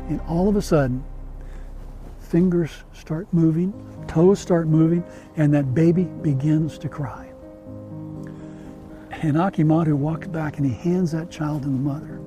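A man hosting a talk show, telling a story in casual chat with animated, emphatic repetition that builds suspense. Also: fairly high pitch, moderate pace, faint music behind. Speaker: radio show host.

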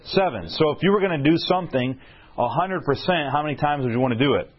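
A man preaching a storytelling sermon, animated and often checking in with his listeners with questions. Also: a little high, fast talker, breathy edge, muffled recording.

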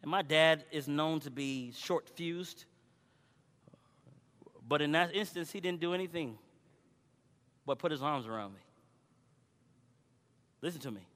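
A male preacher delivering a sermon, moving between loud exhortation and quiet personal storytelling. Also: a little high, unhurried, pauses often. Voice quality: swings from shouting to quiet storytelling. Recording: long hall reverb.

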